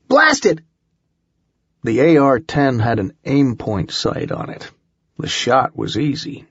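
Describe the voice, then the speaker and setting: A man narrating a first-person audiobook in a measured, unhurried storytelling manner. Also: mid-range voice, creaky, no room sound, muffled recording.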